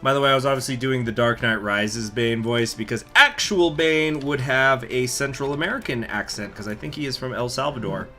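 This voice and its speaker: A man gives loose, joking commentary on a strategy game, rambling and swearing freely. His voice sits at an ordinary middle pitch. Soft background music runs beneath his talk. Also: fairly quick, hardly any pauses. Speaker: game streamer. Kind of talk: let's-play commentary.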